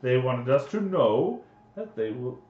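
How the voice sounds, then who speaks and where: A man voicing his character at a gaming table, blustering and indignant. His pitch swings widely as he talks. The sound is dull and roomy, like a home recording. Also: big pitch swings, a little slow, very noisy. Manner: blustering, indignant, theatrical outbursts. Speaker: player. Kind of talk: in-character tabletop role-play.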